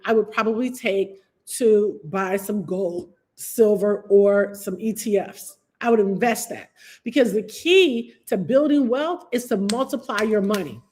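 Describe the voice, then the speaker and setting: Emphatic woman coaching live viewers. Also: fairly high pitch. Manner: emphatic, repeats key phrases, addresses viewers by name. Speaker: real estate investing coach. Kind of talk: live-streamed teaching talk.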